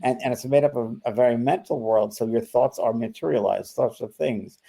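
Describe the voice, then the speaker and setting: A man's voice: medium pitch, fairly quick, creaky, mellow. An older man in casual spiritual conversation, telling a story full of fillers and restarts. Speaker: spiritual medium, co-host.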